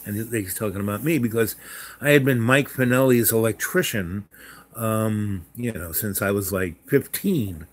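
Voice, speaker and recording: A man's voice: fairly low pitch, normal speed. Rambling New man telling stories. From New York. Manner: rambling, animated, many restarts and asides. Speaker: storyteller. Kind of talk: casual spoken storytelling.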